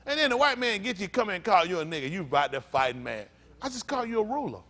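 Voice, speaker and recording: A man with a notably high voice preaches a teaching sermon. He is animated, throws in acted voices for the people he quotes, and stumbles when he reads aloud. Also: fast talker. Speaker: pastor.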